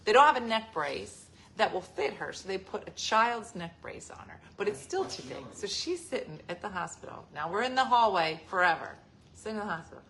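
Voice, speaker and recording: A woman in her forties tells family stories on a casual show, her voice bright and swinging widely in pitch. She laughs often as she talks, with a faint hum behind her. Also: fairly quick. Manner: laughing, animated storyteller. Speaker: host. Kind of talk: casual storytelling chat.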